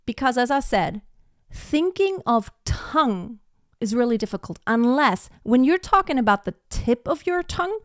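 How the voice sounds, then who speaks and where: Her voice runs on the high side with big pitch swings at normal speed, captured in a dry, studio-quality recording. She's a vocal coach giving a live online singing lesson, loose and rambling with lots of "like" and "you know," demonstrating sounds with her own voice.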